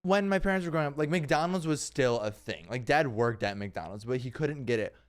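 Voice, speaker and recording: A young man co-hosting a casual podcast chat, joking and animated. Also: mid-range voice, brisk. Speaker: podcast co-host.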